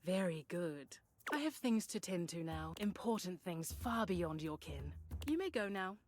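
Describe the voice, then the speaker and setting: A woman's voice: lowish voice, animated, measured pace, a little hiss or hum. An actress voicing an aloof, ancient female earth spirit who speaks in a solemn, imperious way. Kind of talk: video game voice acting.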